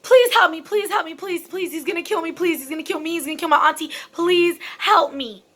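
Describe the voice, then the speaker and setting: A woman's voice: extremely high pitch, brisk, fairly bright tone, voice pushed up. A woman acting out a terrified young woman who begs frantically for help. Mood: frantic pleading. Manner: frantic, pleading.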